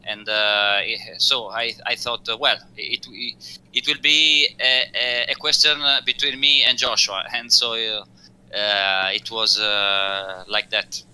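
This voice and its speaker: Guy, very bright clear voice, stops a lot looking for english words. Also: on the low side, fairly even intonation, poor audio. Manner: halting, searching for English words with many fillers. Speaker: race driver guest. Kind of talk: post-race interview over voice chat.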